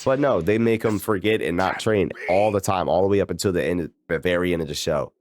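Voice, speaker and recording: Low-voiced young man ranting over game music. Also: a little fast. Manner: slangy, exasperated, rambling. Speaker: game streamer. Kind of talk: casual rant while gaming. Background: video game music.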